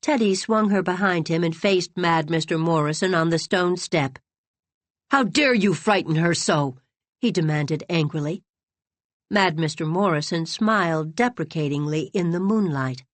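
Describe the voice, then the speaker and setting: Low-voiced woman narrating an audiobook. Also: normal speed, no echo. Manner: dramatic, expressive storytelling. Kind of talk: scripted narration.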